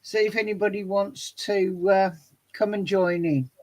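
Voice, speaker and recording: A woman's voice: medium pitch, fairly even intonation, a little slow, a little mellow. A woman hosting a live online chat on a video call, chatty and self-mocking. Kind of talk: casual chat.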